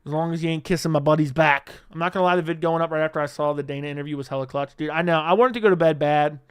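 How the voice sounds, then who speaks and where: A man's voice: on the high side, very fast, clean tone, no echo, studio quality. A young adult man hosting a live stream, chatting casually and profanely while reading out viewer comments. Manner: casual, profane, reads chat comments aloud. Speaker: livestream host.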